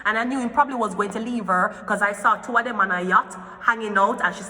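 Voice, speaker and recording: A woman's voice: mid-range voice, fast talker, sharp tone, big-room sound. A woman, a tarot reader ranting in heated gossip commentary, swearing freely. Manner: profane, heated, swearing often.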